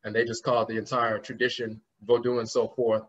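In a flat, medium-pitched voice and a little fast, a man delivers a conference lecture breaking down word roots and spelling out terms letter by letter. He keeps trailing off with "and so forth," and the lo-fi recording sounds slightly muffled.

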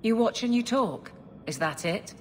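A blunt guard captain. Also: female voice, fairly high pitch, expressive, unhurried, a little hiss or hum. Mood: curt. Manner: blunt, curt. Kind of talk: video game voice acting. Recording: echoey game audio under loud music. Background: loud game music.

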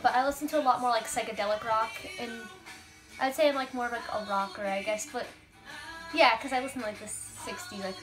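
A woman's voice: a little high, fast, over music. A teenage girl in casual chat, answering questions with lots of fillers and giggles. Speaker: guest answering tag questions.

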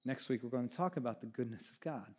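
A man preaching a sermon as pastor, talking conversationally, moving between hushed reflection and fervent emphasis, with casual asides to the congregation. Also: medium pitch, fast, slightly rough. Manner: casual asides with audience check-ins.

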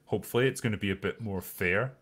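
A man's voice: fairly low pitch, quick pace, breathy edge. A man hosting a casual online chat show, reading out viewer messages and chatting in a loose, filler-heavy way. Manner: relaxed, hesitant with many fillers.

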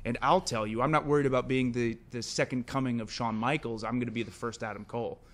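A man speaking as a guest on a talk show, calm and deliberate but confrontational. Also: mid-range voice. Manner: measured, then heated and confrontational.

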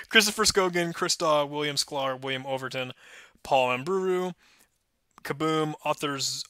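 A man walks through a coding exercise in a loose, self-deprecating chat that is often sheepish and apologetic. His voice is bright and forward, and the sound is close and dry from a desk microphone. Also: mid-range voice, no room sound. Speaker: tutorial host. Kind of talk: screen-recorded coding tutorial.

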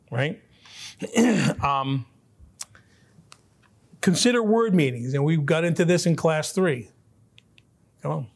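Chatty male Bible class teacher. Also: on the high side. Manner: conversational, many restarts and repeated words, throat clearing. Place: church classroom.

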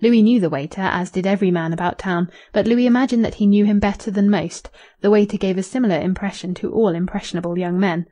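A woman narrating a classic novel as an audiobook, in an even, measured reading. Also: medium pitch. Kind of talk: scripted narration.

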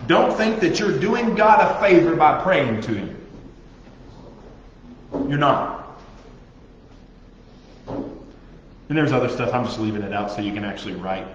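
A man preaching to a youth group, joking and animated, mimicking people's prayers. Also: medium pitch. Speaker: youth pastor. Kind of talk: sermon. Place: youth group meeting room. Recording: echoey dull room recording.

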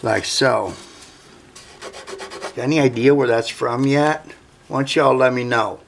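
Man, folksy joking workshop host, middling pitch, faint background hiss. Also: unhurried, creaky. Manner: folksy and joking, talks to viewers while working. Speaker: guitar builder, channel host. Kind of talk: workshop how-to vlog.

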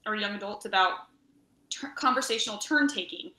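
A woman, a camp travel director and nurse, telling lively stories in a podcast interview and acting out voices. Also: mid-range voice, fairly quick, reverberant. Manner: animated storyteller, acts out voices.

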